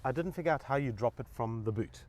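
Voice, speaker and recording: A man's voice: mid-range voice, quick pace, a crowd in the background. A man co-hosting a casual car review outdoors, answering mostly in short agreeing remarks with dry jokes.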